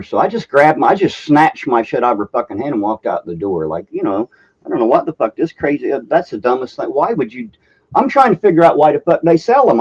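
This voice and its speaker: Man, podcast host, husky lively voice, dull lo-fi audio; swears and laughs a lot. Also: a little high, quick pace. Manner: animated, swearing, laughs often. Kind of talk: casual chat, storytelling.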